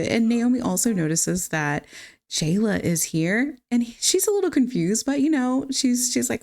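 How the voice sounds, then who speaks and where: A young adult woman narrating a life-simulation game for her channel in a casual, chatty way. She talks straight to her viewers as she plays. Her voice sits a little on the low side. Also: animated, normal speed, a little mellow. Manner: chatty, addresses viewers directly. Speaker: gaming channel host. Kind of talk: casual let's-play narration.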